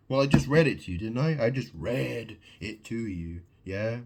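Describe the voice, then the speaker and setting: A man's voice: medium pitch, lively intonation, normal speed, few pauses, a little mellow. A man delivering a rambling, agitated monologue to camera, preaching and repeating questions at the listener. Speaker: video monologue host.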